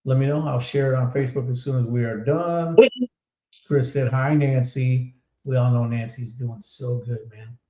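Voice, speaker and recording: An upbeat man hosts a casual live podcast, chatty and quick to laugh. His voice sits at an ordinary middle pitch. The sound is roomy and a little dull, as if from a webcam setup. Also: steady tone, mellow. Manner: upbeat, reads viewer comments aloud, laughs easily. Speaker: podcast host. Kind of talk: casual live-stream chat.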